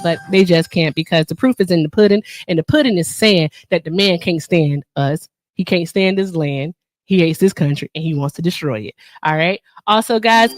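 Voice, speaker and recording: A woman's voice: medium pitch, no room sound, clean studio sound. A woman hosting a casual livestream, chatty and playful with a teasing manner. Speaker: livestream host.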